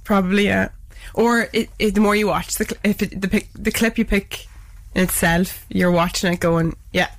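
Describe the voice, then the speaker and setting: A young Irish woman chatting casually on a podcast as a guest, lively and often laughing as she tells stories. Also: mid-range voice, normal speed. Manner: chatty, laughing, acts out quoted voices. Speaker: guest lip-sync creator.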